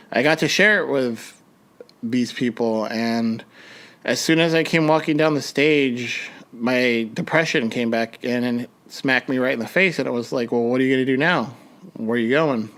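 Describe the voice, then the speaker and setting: A man's voice: medium pitch, a bit bright, clear, resonant tone. Rambling young man telling a story. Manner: rambling, halting with many restarts and fillers. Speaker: podcast host. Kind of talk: personal storytelling.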